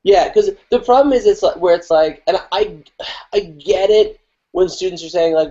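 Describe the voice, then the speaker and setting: Higher-voiced man, lively and profane. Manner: animated, profane, quick asides. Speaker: improv teacher guest. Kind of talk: casual panel chat. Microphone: video call. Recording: lo-fi video call audio.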